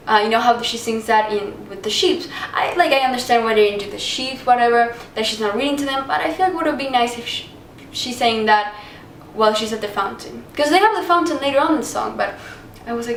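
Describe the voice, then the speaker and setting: A woman casually reviewing a film, chatty and animated, acting out quotes in high voices. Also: a little fast. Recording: echoey room, distant mic, faint noise.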